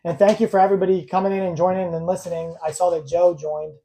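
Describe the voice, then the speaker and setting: A woman's voice: fairly low pitch, flat delivery, fast, warm tone. A young adult woman co-hosting a casual podcast, a blunt, rambling storyteller who laughs at herself. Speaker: podcast co-host. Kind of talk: casual podcast chat, live-streamed.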